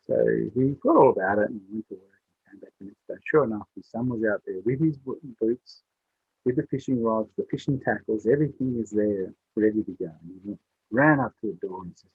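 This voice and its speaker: A man telling a story aloud in a relaxed oral style, switching his voice for the characters. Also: a little fast, slightly rough, no room sound. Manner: voices the characters with rising pitch for the child. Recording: dry, tinny phone-like sound.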